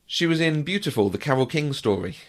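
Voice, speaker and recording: A man's voice: a little high, expressive, quick pace. A man co-hosting a podcast, explaining plot points of a TV show in a casual, dry way. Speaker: podcast co-host. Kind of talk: casual TV review chat.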